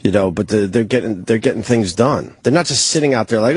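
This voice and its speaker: A low, slightly husky male radio host talks casually into a close mic in a dead-dry studio. He reads news aloud and breaks off into blunt, cussing asides. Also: a little fast, few pauses, no room sound. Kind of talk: casual talk radio banter.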